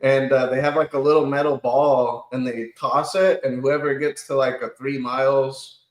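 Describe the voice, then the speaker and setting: A man in casual podcast talk at a middle pitch, joking and laid-back. His voice carries a noticeable room echo. He fills his talk with filler words. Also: level tone, moderate pace. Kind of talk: casual chat.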